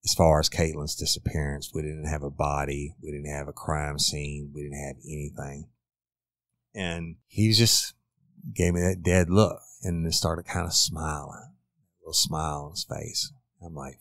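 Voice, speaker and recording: A man's voice: very deep voice, steady tone, unhurried, a bit bright, dry recording. A middle-aged man, a former detective, bluntly retelling a crime case in a casual, profane way. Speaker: former detective, podcast host. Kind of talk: true crime storytelling.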